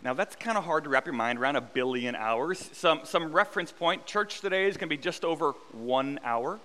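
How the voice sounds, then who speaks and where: A pastor in his thirties gives a sermon in a church sanctuary. His voice is bright and smooth, and it carries a long reverb through the hall. He talks to the congregation like friends, with easy self-deprecating humor, and he repeats key phrases to drive them home. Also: a little high, animated, brisk.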